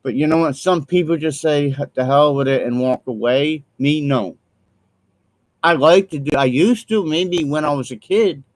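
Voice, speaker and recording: A man's voice: on the high side, normal speed, low-quality recording. A man talking alone to his viewers in an earnest, rambling way, repeating himself, apologizing and trailing off with ums. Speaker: vlogger. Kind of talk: rambling solo vlog monologue.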